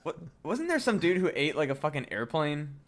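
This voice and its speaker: A man's voice: a little high, big pitch swings, brisk. A young man co-hosting a comedy podcast, rambling through crude jokes with many fillers. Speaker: podcast co-host. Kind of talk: casual comedic chat.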